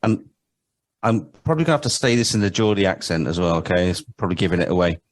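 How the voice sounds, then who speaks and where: A man co-hosting a podcast, putting lyrics quiz questions to a guest in brisk, good-humoured chat. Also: sits low, animated. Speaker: podcast co-host running a quiz. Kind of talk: casual chat, reading out song lyrics.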